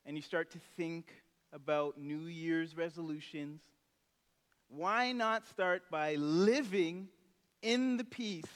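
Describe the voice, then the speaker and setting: High-voiced pastor in a reverberant church. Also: male voice, a bit bright. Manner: conversational preaching with acted-out story voices. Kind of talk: sermon. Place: church sanctuary.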